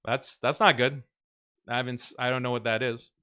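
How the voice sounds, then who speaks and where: A young man hosts a casual livestream, reading out viewer messages and answering them. His voice is bright and forceful. He talks in a loose, animated, mocking way and fills his sentences with "like". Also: mid-range voice, a little fast. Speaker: livestream host reading super chats.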